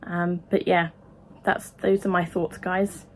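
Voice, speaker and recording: Impassioned woman vlogging, halting and emotional. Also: fairly low pitch, level tone, a little hiss or hum. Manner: impassioned, halting, with many restarts and ums. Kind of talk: opinion vlog to camera.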